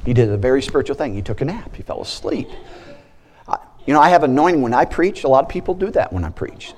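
A man preaching a sermon as a pastor, animated and mixing in joking asides. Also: medium pitch, fast.

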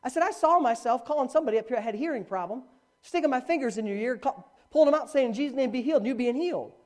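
A middle-aged man preaching a sermon as a pastor, telling a story with animated swings from hushed speech to shouting. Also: extremely high pitch, very fast.

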